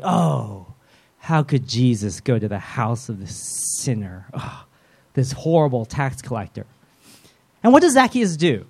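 A man preaching a sermon in a lively, conversational way, with self-deprecating humor and quick role-played voices. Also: sits high. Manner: animated, acts out voices of biblical figures.

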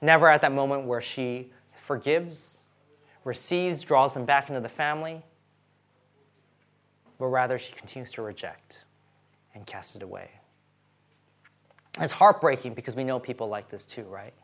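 A man's voice: medium pitch, moderate pace, pauses often, a bit bright. A man preaching a sermon in a conversational way, often acting out the quotes and checking in with "right?".

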